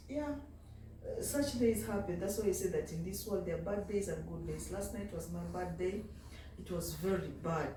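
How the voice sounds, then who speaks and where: A woman's voice: on the low side, noisy background. A woman, a mother, chatting casually in a home vlog, sounding tired and talking to her baby in between. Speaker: vlogger and mother. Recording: echoey room, mic at a distance.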